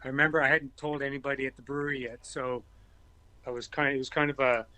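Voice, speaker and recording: A man with a mid-range voice chats casually over a video call, easygoing and quick to joke. The sound is dry, with no room around it. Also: medium pitch, steady tone, sharp tone, no room sound. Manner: easygoing, joking, brief replies. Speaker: regular guest. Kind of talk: casual chat.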